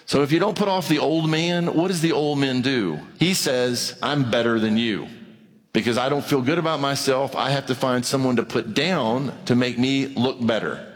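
A man preaching a sermon as pastor, animated, acting out little conversations with rises and drops in his voice. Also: moderate pace. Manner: animated preaching, acts out dialogue, pitch swings widely. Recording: long reverb of a large hall.

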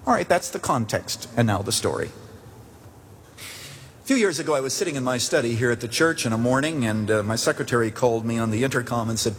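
A man's voice: medium pitch, animated, brisk, slight background noise. A man preaching a sermon from the pulpit, earnest and storytelling, rising to emphatic questions. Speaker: pastor. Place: church sanctuary pulpit. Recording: long hall reverb.

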